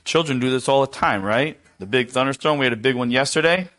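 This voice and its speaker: A middle-aged man preaching a sermon, asking the congregation rhetorical questions and dropping to a near hush for tender quoted lines. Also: mid-range voice, quick pace.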